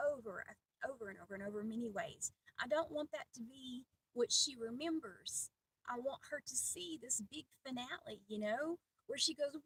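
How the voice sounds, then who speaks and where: A middle-aged woman giving a heartfelt personal devotional talk, earnest and pausing often. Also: a little high, a bit bright, slightly rough, far from the mic, poor audio. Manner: earnest, heartfelt, with many pauses and fillers. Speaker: Christian video host.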